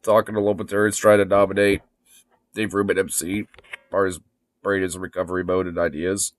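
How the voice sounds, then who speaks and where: A man's voice: low-pitched, little pitch movement, normal speed. A man chatting casually on a phone livestream, rambling and swearing freely, with lots of fillers. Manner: rambling, profane, heavy use of fillers.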